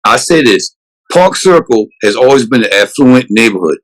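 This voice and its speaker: A man's voice: medium pitch, lively intonation, normal speed, rough recording. A man, with a voice sitting in the middle of the male range. He answers as a police chief in an interview. He is earnest and emphatic, and he often restarts his sentences. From South Carolina, USA.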